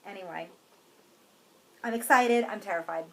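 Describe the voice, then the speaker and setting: A woman co-hosting a crafts podcast in casual chat, self-deprecating and quick to laugh. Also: medium pitch, low-quality recording. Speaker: podcast co-host.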